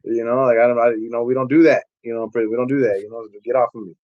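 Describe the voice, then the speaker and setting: A young man who is a pastor and podcast guest recounts his past in candid, streetwise storytelling, slipping into the voices of people he met. His mid-range voice has fairly even intonation and a fast pace. The recording is dry and close with no echo, its tone slightly dull and muffled.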